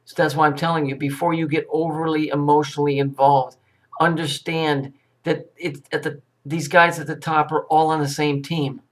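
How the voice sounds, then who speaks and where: Guy ranting over news clips, swearing a lot, sarcastic and mocking, voice a bit on the high side. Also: flat delivery, normal speed. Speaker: commentator reacting to news clips. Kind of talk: profane ranting commentary.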